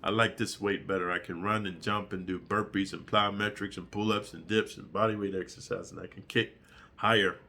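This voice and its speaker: A middle-aged man telling prison stories in an animated, profane street-storytelling monologue. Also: deep voice, a little fast, gravelly.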